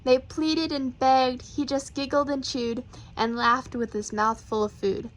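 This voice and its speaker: A woman with a high voice reads children's poems aloud. She keeps a bouncy rhythm and gives each line playful, expressive emphasis. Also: unhurried, a little hiss or hum, rough recording. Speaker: reader.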